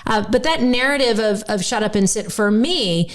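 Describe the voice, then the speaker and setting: A woman from the United States with a slight North Carolina twang, hosting a podcast in earnest, animated conversation. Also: on the high side, moderate pace. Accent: North Carolina Southern. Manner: earnest, animated, many restarts. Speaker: podcast host.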